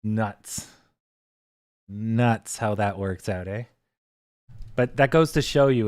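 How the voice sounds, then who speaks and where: A man hosting a casual livestream, talking in a relaxed, loose way and swearing freely into a desk microphone. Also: lowish voice, a little slow, pauses often, dry recording, clean studio sound. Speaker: livestream host.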